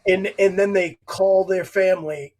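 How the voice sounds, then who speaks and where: A man with a notably high pitch tumbles eagerly through a story, restarting phrases as his excitement runs ahead of him. He comes across as a guest chiming in on a relaxed chat. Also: measured pace. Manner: excitable, tripping over his words as he builds a point. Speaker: podcast guest. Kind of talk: casual chat.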